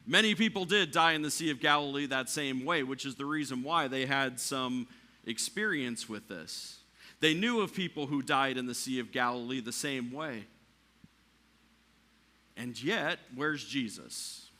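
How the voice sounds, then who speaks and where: Speaking a little slowly in a mid-range voice, a pastor preaches in church. He rises nearly to shouting at the climaxes and goes quiet when the lines turn calm.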